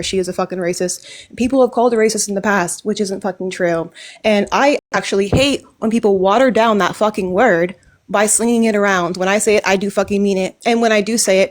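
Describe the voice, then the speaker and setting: Woman, forceful, swears a lot, heated live chat. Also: mid-range voice.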